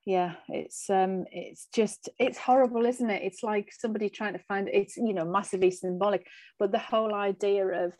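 Woman on a podcast, chatty, thinks out loud, dry close sound. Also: mid-range voice, fairly even intonation, moderate pace, dry recording. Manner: chatty, laughs easily, thinks aloud. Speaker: podcast co-host. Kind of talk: casual film chat.

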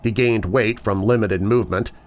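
A man hosting a show and narrating listener horror stories in a measured storytelling manner. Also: on the low side, fairly even intonation, a little hiss or hum. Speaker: host and narrator. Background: faint music.

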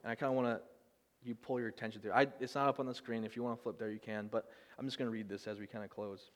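A young man giving a sermon in a casual, self-deprecating way, often halting and restarting. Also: on the low side, fairly even intonation. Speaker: preacher. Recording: long echo of a hall.

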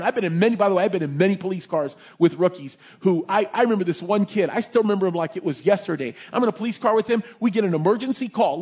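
High-voiced animated male preacher. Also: husky, muffled recording. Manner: animated storytelling, shouting in re-enactments. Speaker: chaplain and preacher. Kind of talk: sermon.

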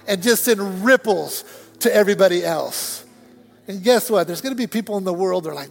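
A man preaching a sermon as pastor, telling a story with lively acted-out voices and shouted moments. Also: high voice, brisk, vocal fry. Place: church sanctuary. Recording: long church hall reverb.

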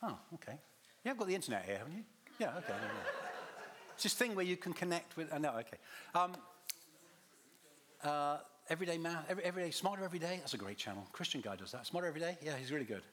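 A man's voice: a little high, animated, quick pace, a bit bright. A man giving a teaching talk to a congregation, quizzing the listeners and restarting his phrases as he goes. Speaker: visiting Bible teacher.

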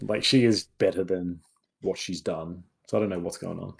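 A man co-hosting a casual film review podcast, chatty and quick to act out lines from scenes. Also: sits low, gravelly. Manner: animated, chatty, acts out quotes. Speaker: podcast co-host.

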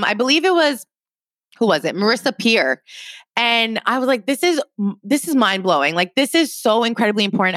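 A woman's voice: fairly high pitch, sharp tone, no echo. A young woman hosting a motivational podcast, encouraging and chatty, with many casual fillers. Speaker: podcast host, life coach.

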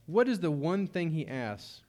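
A man's voice: fairly high pitch, big pitch swings, unhurried, a little mellow. A young adult man, preaching a sermon in a conversational way with humorous asides. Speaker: pastor.

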